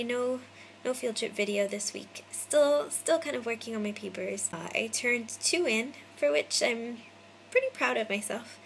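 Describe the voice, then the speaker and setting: Chatty young American woman with vocal fry. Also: on the high side, fairly bright tone, a little hiss or hum, rough recording. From Hawaii. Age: 20s. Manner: chatty, rambling, addresses viewers by name. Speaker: vlogger. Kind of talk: casual chat to camera. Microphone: phone camera.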